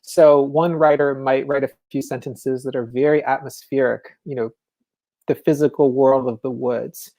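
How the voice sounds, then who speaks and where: A novelist giving a casual, enthusiastic talk on writing, speaking conversationally with many fillers. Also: male voice, mid-range voice, fairly even intonation, moderate pace, warm tone.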